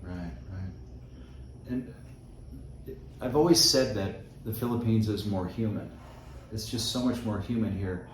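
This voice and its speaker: A man's voice: on the low side, unhurried, pauses often, slight background noise. A man hosting an interview, speaking in an earnest, reflective way. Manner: earnest, reflective, many short affirmations. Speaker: host. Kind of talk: conversational interview. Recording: very echoey, distant mic.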